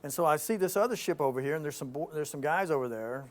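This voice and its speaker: Man giving an animated spiritual talk. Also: fairly high pitch, fast. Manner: animated storytelling, frequent restarts.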